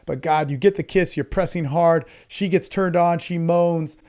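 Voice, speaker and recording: A man hosting a podcast, coaching listeners on dating in a blunt, profane way, swinging between loud emphasis and low murmurs. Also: moderate pace. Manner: animated, acts out his own lines in a hushed voice. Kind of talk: casual coaching talk.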